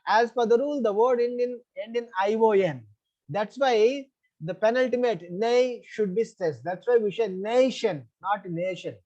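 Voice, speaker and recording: A man's voice: very high voice, moderate pace, darkish tone, lo-fi sound. A man with an Indian English accent teaching an online English class. He explains the rules step by step, repeats them, and checks that the students follow. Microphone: online class call.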